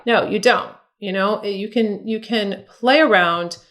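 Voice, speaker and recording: A woman's voice: mid-range voice, a little slow, a bit bright. Chatty, encouraging woman makeup artist. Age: middle-aged. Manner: chatty and encouraging, talks to viewers as ladies. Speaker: makeup artist and beauty vlogger. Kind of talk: casual makeup tutorial talk.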